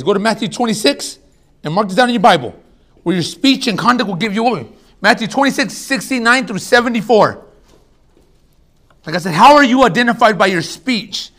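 Man, pastor, sermon, high pitch, bright tone, animated street-casual delivery. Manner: animated, street-casual preaching with big swings from loud to hushed.

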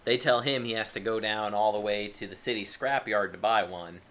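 A man's voice: lowish voice, steady tone, fairly quick, a bit bright. A man co-hosting a podcast, chatting casually about a movie with sardonic, crude humor and frequent swearing. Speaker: podcast co-host. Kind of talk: casual movie-review chat.

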